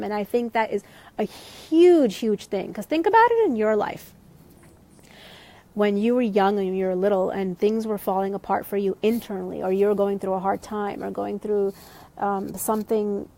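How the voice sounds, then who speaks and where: A woman life coach in a conversational, reflective live-stream talk, gently reassuring viewers and using many fillers. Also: mid-range voice, no echo.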